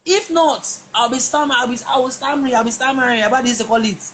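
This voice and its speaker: A guest gives personal testimony in a conversation, speaking emphatically with frequent repeated words and restarts. She talks fast in a high-pitched voice with fairly even intonation, and slight background noise is present.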